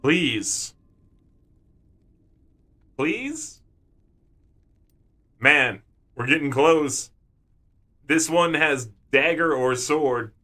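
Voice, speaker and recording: A man's voice: a little high, takes it slowly, bright, forceful tone. A man giving casual, jokey commentary while streaming a video game, talking to himself as he plays. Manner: playful, jokey, talks to himself.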